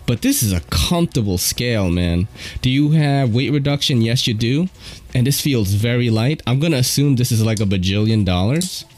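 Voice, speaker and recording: Excitable slangy man, lively voice. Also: medium pitch, normal speed. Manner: slangy, excitable, loud exclamations. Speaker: channel host reviewing knives. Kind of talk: casual unboxing chat. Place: at home at a table.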